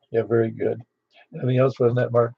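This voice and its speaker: A man's voice: medium pitch, gravelly, breathy edge. A man running a ham radio net, chatting in an easygoing, rambling way with plenty of fillers. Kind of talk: casual radio chat. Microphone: radio transceiver mic. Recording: dull dry lo-fi radio audio.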